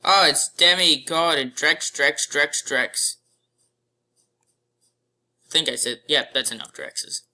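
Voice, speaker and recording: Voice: mid-range voice, slow pace, long pauses, pushed and bright. A gamer giving playful live commentary over their gameplay and calling out at the game.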